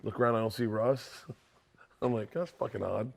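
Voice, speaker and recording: A man co-hosting a podcast, telling a casual anecdote in a relaxed way and swearing now and then. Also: fairly low pitch, normal speed, gravelly, slight background noise. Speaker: podcast co-host. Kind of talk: casual chat.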